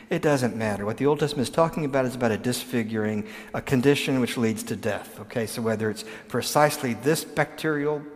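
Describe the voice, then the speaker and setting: A man giving a sermon as pastor, explaining in a conversational way with frequent restarts and asides. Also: medium pitch. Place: church sanctuary. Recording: long hall reverb.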